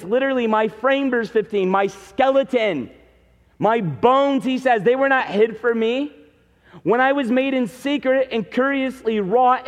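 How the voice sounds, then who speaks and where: A male pastor preaching a sermon with emphasis, explaining scripture verse by verse. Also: very high-pitched. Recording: long hall reverb, dull lo-fi sound.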